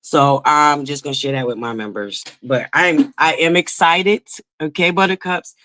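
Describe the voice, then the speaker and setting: A woman's voice: deep voice, moderate pace, a bit bright, slight background noise. A woman hosting a casual livestream from home, chatting and greeting viewers by name. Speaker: livestream host.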